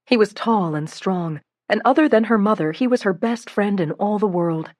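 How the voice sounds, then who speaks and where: A woman narrates an audiobook from a script, her mid-range voice expressive and her pace normal. The recording is dry and clean, with clear studio sound.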